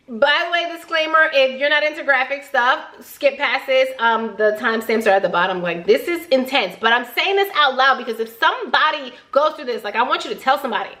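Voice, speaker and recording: A young woman speaks in a fairly high voice. She chats casually and bluntly, full of slang and cursing. She retells a personal story on her makeup vlog. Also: fairly bright tone. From New Jersey. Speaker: beauty vlogger.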